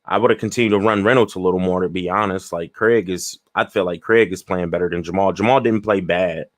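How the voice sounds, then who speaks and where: A man with a lowish voice talks sports in a relaxed, slangy way, easing his points along in casual terms. He is recorded dry and close, with no room sound. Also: fast, no room sound. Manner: laid-back, slangy, agreeable. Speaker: sports podcast co-host.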